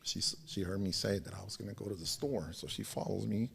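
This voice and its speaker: A man in his forties with a low, gravelly, husky voice tells stories on a podcast. He sounds laid-back and slangy, swears freely and keeps checking in with his listeners. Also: fast talker. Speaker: podcast guest. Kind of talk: casual storytelling.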